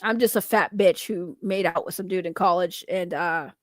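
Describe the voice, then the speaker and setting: A woman's voice: fairly low pitch, fairly even intonation, moderate pace, dry recording, clean studio sound. A woman hosting a livestream, chatting casually with her viewers. She swears freely, laughs a lot and slips into sarcastic, mock-innocent protests. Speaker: livestream host reacting to chat.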